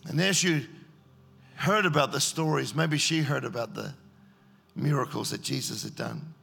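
A man's voice: medium pitch, moderate pace, gravelly, a bit bright, husky, soft background music. A man preaching a sermon, telling the story and acting out its scenes in character voices. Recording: echoey hall.

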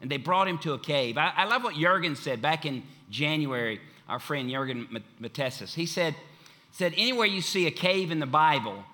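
A man's voice: fairly high pitch, expressive, normal speed, bright, forceful tone. A man preaching a sermon with an emphatic, repetitive cadence.

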